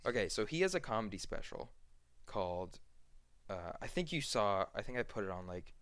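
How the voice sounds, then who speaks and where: Young male podcast co-host, casual and rambling, mid-pitched voice, dry close sound. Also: normal speed, no echo. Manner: rambling, animated retelling with acted quotes and many fillers. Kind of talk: casual chat.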